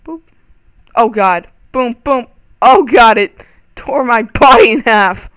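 A young man giving excitable, panicky let's-play commentary over a game, full of startled exclamations. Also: very high-pitched, slow, dry recording. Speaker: gaming channel host.

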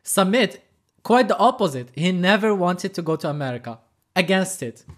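A man's voice: high-pitched, lively intonation, normal speed, fairly bright tone. A man hosting a reaction video, giving snarky, joking commentary between clips. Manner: snarky, joking asides, laughs often. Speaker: reaction channel host.

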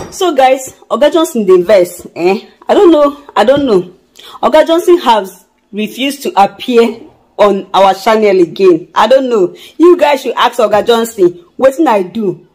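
A woman's voice: fairly high pitch, darkish tone, low-quality recording. A Nigerian woman chatting casually to her viewers in a home vlog, fretful and repeating herself. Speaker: vlogger.

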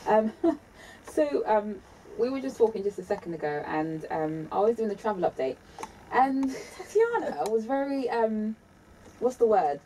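A woman's voice: mid-range voice, sing-song, normal speed, warm tone, distant mic, slight background noise, rough recording. A British woman presenting on the radio, chatting in a giggly, talkative way during a casual interview. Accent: British English.

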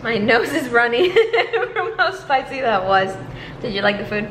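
Young woman vlogger, out of breath, bubbly and high-voiced, roomy echo. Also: measured pace, slight background noise. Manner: chatty, excitable, laughs often. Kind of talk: casual vlog chat.

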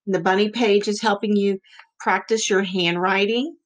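A woman's voice: mid-range voice, fairly even intonation, moderate pace, poor audio. A woman teaching a remote phonics lesson to young children, patiently sounding out letters again and again.

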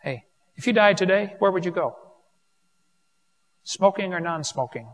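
A man's voice: high voice, lively intonation, normal speed. A man preaching an evangelistic sermon to a live audience, folksy and joking with the crowd. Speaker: creationist preacher.

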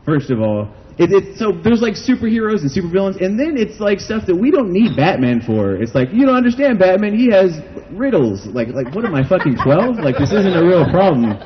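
A man's voice: high-pitched, very animated, brisk, few pauses, lo-fi sound, slight background noise. A man from the United States doing a stand-up comedy set at an outdoor backyard show, rambling and self-deprecating, saying "like" a lot.

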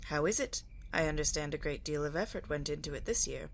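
A woman's voice: low-pitched, a little fast, a little hiss or hum. A woman voicing a dignified, weary older male starship captain with a dry, droll delivery.

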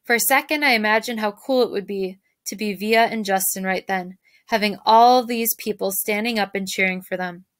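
A woman, a teacher, reading a children's novel aloud to her class in a lively storytelling manner. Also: mid-range voice, normal speed, few pauses, no echo. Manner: lively, shifts voices for characters.

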